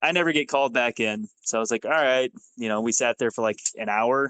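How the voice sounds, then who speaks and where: A man's voice: medium pitch, fast talker, dry recording, rough recording. Profane man telling army stories. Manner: profane, animated, acts out dialogue. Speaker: podcast guest, former Army sergeant. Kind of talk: casual storytelling.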